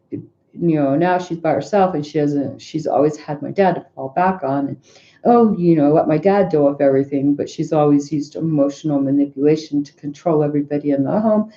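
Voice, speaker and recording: A middle-aged tarot reader tells a story in a casual, rambling way, circling back with frequent restarts and asides. Her voice is deep, very dark, and mellow, and the recording sounds dull and lo-fi.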